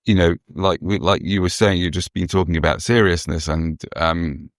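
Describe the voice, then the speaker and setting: A man's voice: low-pitched, fairly even intonation, moderate pace, no room sound, clean studio sound. A man talking casually on a podcast, hesitant, restarting his sentences and stumbling over words. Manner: hesitant, full of restarts and fillers. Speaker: podcast co-host. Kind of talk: casual chat.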